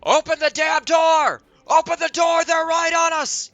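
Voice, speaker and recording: A man voicing a frantic male dwarf soldier who shouts desperately from the far side of a door. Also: very high voice, level tone, a little slow, dry recording, muffled recording, soft background music, voice pushed up. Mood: frantic shouting.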